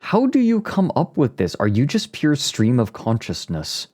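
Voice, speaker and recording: A male streamer chatting casually, joking, reacting out loud and reading aloud from a web page. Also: medium pitch, huge pitch swings, normal speed. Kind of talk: casual livestream chat. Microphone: streaming mic.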